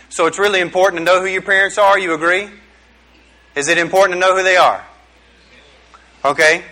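A middle-aged man preaches to a small group in a loose, joking way. He keeps firing questions back at his listeners. His voice sits a little high and rings bright and forceful. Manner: joking, chatty, quizzes the audience. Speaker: youth pastor. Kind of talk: casual youth sermon.

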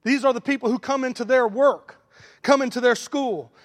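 A man preaching a sermon in a folksy manner, building to loud, emphatic runs. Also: very high-pitched, normal speed. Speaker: pastor. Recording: long hall reverb.

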